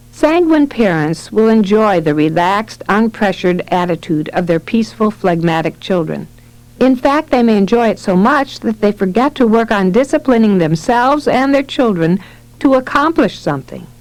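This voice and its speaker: A woman narrating a nonfiction parenting book in a steady, expressive reading voice. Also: mid-range voice, low-quality recording. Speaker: audiobook narrator.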